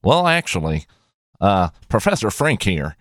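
A man's voice: on the low side, big pitch swings, unhurried, a bit bright, no room sound, studio quality, pitched above the performer's own voice. A man putting on the voice of a nerdy, fussy know-it-all male professor, pinching his nose for a nasal sound.

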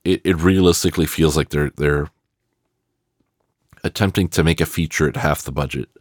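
Guy with a super low voice rambling about a movie, swears a lot, dry close sound. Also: steady tone, moderate pace, no echo. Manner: rambling and profane, with many fillers and restarts. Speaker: film reviewer. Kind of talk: casual film commentary.

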